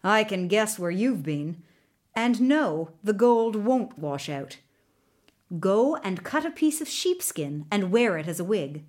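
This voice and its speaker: A woman doing a wise calm horse. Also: medium pitch, slow. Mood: knowing.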